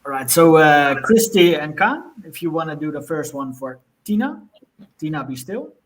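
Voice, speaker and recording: A man hosting a spiritual group video call, assigning turns with brisk fillers. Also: fairly high pitch, very animated, slight background noise. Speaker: host.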